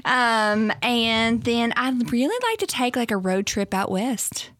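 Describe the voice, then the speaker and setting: A woman's voice: on the high side, takes it slowly, a bit bright, dry recording. Southern woman in her forties, easygoing guest, dry recording. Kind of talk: casual chat.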